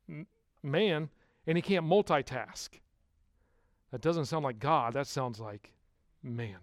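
Emphatic preaching man, higher voice. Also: measured pace, long pauses, no room sound, clean studio sound. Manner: emphatic preaching, swings from hushed to loud; rhetorical questions to the congregation. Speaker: pastor. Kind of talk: sermon.

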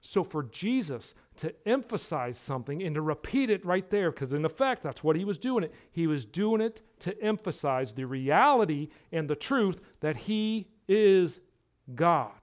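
Male pastor, high voice, emphatic sermon delivery that swings from quiet to loud. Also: big pitch swings, moderate pace, hardly any pauses. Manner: emphatic preaching, repeats words for emphasis, swings between hushed and loud.

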